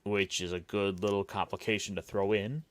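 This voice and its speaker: A man's voice: fairly low pitch, level tone, moderate pace. A man hosting a casual roundtable chat, recapping with wry, mocking asides. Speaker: podcast host.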